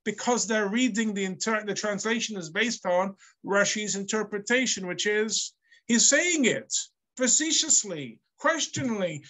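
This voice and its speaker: A man's voice: high voice, animated, measured pace, bright, forceful tone. A man teaching a text study class as a rabbi, reading Hebrew aloud and translating it line by line. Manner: reads the Hebrew aloud, then translates and explains.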